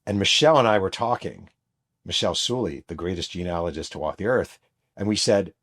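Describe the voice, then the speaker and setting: A man's voice: low voice, animated, fairly quick, a bit bright. A middle-aged man hosting his own show, telling a story in an emphatic monologue that acts out the people he quotes. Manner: emphatic, re-enacts quoted voices. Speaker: host, author and journalist.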